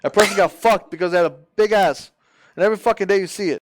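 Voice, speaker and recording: A man's voice: high-pitched, fast. A man on voice chat, ranting and arguing with heavy profanity. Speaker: voice chat participant. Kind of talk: heated casual argument.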